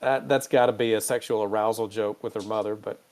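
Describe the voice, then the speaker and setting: A man hosting a casual podcast recap, swearing freely and jumping into quick character quotes with lively pitch swings. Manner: animated, jumps pitch when quoting characters. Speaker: podcast host recapping episodes.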